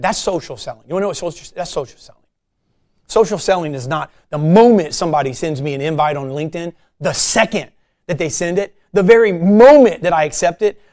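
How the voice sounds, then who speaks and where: A man with a fairly high voice leads a casual sales meeting. He coaches his team in an animated, conversational way and acts out short phone calls as examples.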